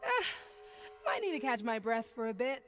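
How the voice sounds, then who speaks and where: An actress playing a tough pirate crewmate in a video game, speaking briskly and bluntly. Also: female voice, fairly high pitch, big pitch swings, fairly bright tone.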